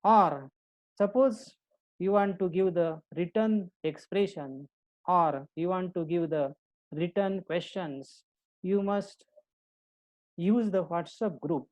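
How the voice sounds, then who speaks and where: A woman teacher giving a recorded lecture to her students, explaining slowly and deliberately and often repeating and restarting her points. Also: lowish voice, darkish tone, poor audio. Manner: slow, deliberate explaining with frequent restarts and repetition.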